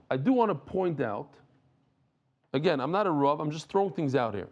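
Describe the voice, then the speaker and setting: A man teaching a lively Talmud class, rambling and animated, mixing in Yiddish and Hebrew terms. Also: fairly high pitch. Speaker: Daf Yomi teacher.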